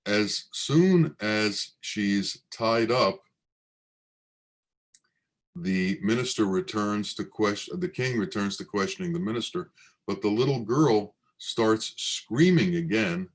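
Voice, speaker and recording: A man with a low voice tells a teaching parable very slowly and deliberately. He speaks as a spiritual teacher, taking his time over each line. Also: expressive. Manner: slow, deliberate storytelling.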